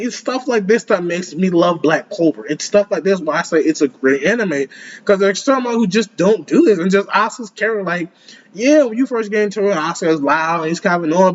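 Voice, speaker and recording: A young man giving casual, excitable commentary as an anime reaction host, rambling and laughing often. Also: high voice, lo-fi sound, a little hiss or hum.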